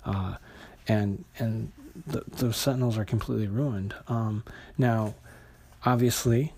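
A man's voice: on the low side, fairly even intonation, measured pace, mellow, slight background noise. A man casually retelling and reviewing a comic book issue, hesitant, with many fillers and restarts.

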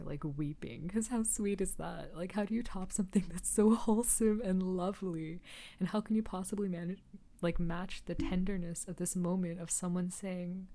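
A woman's voice: lowish voice, mellow. A woman hosting a casual solo podcast, rambling with enthusiasm and often dropping to a near-whisper. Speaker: podcast host.

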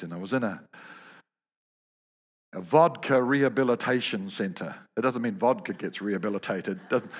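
A man's voice: mid-range voice, slightly rough, long reverb tail. A man preaching a sermon, telling humorous stories and often repeating words as he goes.

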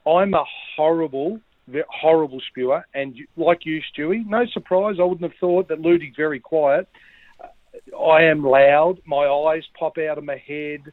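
A man's voice: a little high, dry recording. Australian man, raised voice, dry sound, phone-line tinny, rambling storyteller. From Victoria, Australia. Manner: rambling, self-mocking anecdotes. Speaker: podcast co-host. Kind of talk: casual storytelling chat.

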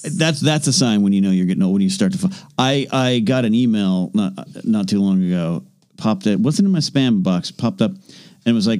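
A man's voice: on the low side, brisk, a little mellow. A middle-aged man co-hosting a podcast in casual comedic chat, jokey and trailing into restarts. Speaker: podcast co-host.

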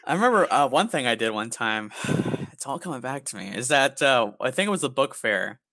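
A young man co-hosting a podcast, swearing casually and acting out stories with squeaky impressions. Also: a little fast, dry recording, studio quality. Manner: profane, animated storytelling with squeaky impressions. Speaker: podcast co-host. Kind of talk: casual chat, storytelling.

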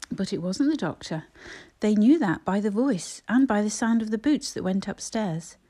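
A woman reading a classic children's story aloud with gentle, measured narration. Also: mid-range voice, animated. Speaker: audiobook reader.

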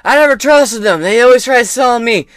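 A man voicing a confused old male politician who rambles loudly in a raised voice. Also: extremely high pitch, brisk, clear, resonant tone, no echo, voice pushed up. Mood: rambling. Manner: loud, rambling and befuddled.

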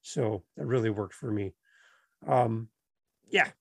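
A man's voice: fairly low pitch, slow, creaky, no echo. A middle-aged man hosting a casual interview, telling stories with lots of animation and acting out children's voices. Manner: animated storyteller who acts out children's voices. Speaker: podcast host.

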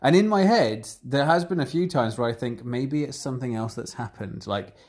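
A man's voice: mid-range voice, moderate pace. Candid man in casual chat. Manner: candid, rambling, animated when retelling exchanges.

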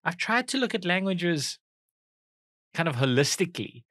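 South African man, 30s, comic podcast host; bright, punchy delivery, dry mic. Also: sits high, very animated, dry recording. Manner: jokey, quick, mock accents for laughs. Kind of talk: casual comedic chat.

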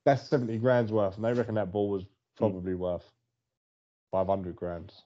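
Dull lo-fi audio captures a male podcast co-host with a lowish, warm voice, fairly even intonation, and a moderate pace. He's chatting about sports casually, telling stories and frequently laughing.

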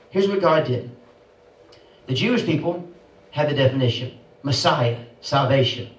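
A man's voice: fairly high pitch, roomy sound, recorded from a distance, low-quality recording. A man preaching a sermon in an emphatic cadence, asking his listeners one rhetorical question after another.

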